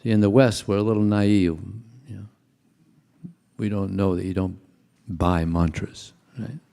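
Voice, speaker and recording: An older man gives a devotional talk at a temple, chatting with the congregation and telling anecdotes, chuckling as he goes. His voice is on the low side, level and unhurried, with a creaky, dark tone.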